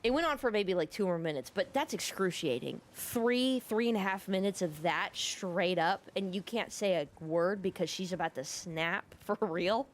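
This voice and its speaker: A woman's voice: medium pitch, expressive, normal speed, hardly any pauses. Woman gamer, casual rambling storytelling, swears a lot, sarcastic. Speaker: gaming video creator. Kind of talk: casual storytelling over gameplay.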